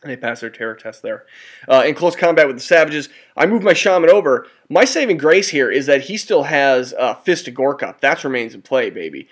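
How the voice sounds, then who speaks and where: A man casually narrating a tabletop wargame battle report over photos, rambling and excitable, often restarting and correcting himself. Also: fairly high pitch, a little fast. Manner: mild cursing and exclamations.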